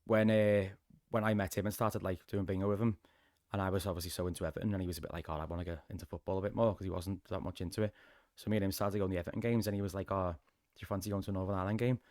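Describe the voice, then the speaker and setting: A man's voice: low-pitched, steady tone, rapid-fire, darkish tone, dry recording, clean studio sound. A man with a Liverpool Scouse accent, a podcast guest telling stories in casual chat, sweary and chatty. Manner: sweary, chatty storytelling with laughs.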